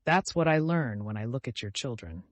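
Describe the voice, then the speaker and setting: A man's voice: mid-range voice, expressive, moderate pace, no echo, close to an everyday voice. A man voicing a sincere young landowner in an audiobook, speaking in a reassuring, kindly way.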